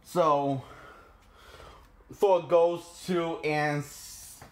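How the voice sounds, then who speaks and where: A man casually retelling a movie plot, halting with many fillers and frequent chuckles. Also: fairly high pitch, steady tone. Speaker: film reviewer.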